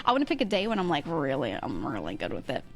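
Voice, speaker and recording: A woman's voice: low-pitched, wildly swooping pitch, fast. Giggly streamer girl, voice kinda worn out, lots of likes and ums, bit of music in the back. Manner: chatty, giggly, lots of fillers. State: strained, irritated voice. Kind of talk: casual chat.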